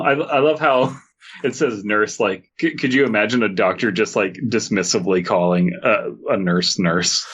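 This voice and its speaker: A man's voice: fairly low pitch, moderate pace, a bit bright, breathy edge, dull audio. A man co-hosting a comedy podcast, reading a story aloud and bantering with mock offense. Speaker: podcast co-host.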